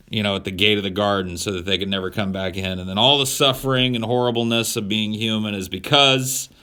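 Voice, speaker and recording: A man's voice: lowish voice, bright, forceful tone. A man co-hosting a podcast, chatting casually in a profane, irreverent, rambling way with many fillers. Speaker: podcast co-host. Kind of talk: casual chat.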